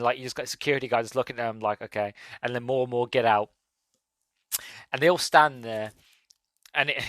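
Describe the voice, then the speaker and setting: A man's voice: medium pitch, fairly bright tone, no echo. A man hosting a podcast, casually reviewing a movie in an enthusiastic, rambling way with lots of fillers. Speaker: podcast host.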